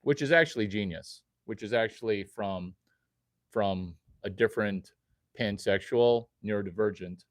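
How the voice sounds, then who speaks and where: A man's voice: lowish voice, normal speed, no echo, studio quality. A man rambling to his viewers in a direct-to-camera monologue, quizzing them and jumping from topic to topic. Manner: erratic, quizzing, jumps between topics. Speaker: vlogger addressing viewers.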